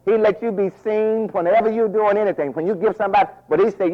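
A man preaching a folksy, animated sermon full of asides, recorded as a dull lo-fi radio broadcast. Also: high voice, fast, few pauses.

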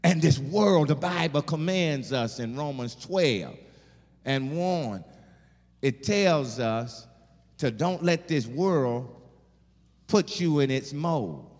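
A man preaching a sermon, animated, with call-and-response and laughing asides. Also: on the high side, takes it slowly. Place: church sanctuary. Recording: long hall reverb.

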